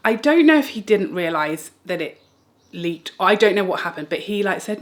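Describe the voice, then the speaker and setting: A young woman vlogger telling a personal story in a dramatic, animated way and laughing as she talks. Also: fairly low pitch, measured pace. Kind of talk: storytelling chat.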